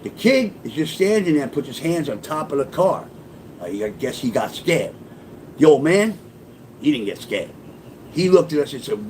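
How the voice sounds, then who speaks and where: A man's voice: on the high side, very animated, moderate pace, a little mellow, a little hiss or hum. A man telling a personal story in a casual, profane, punchy street-talk way. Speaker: storyteller and author.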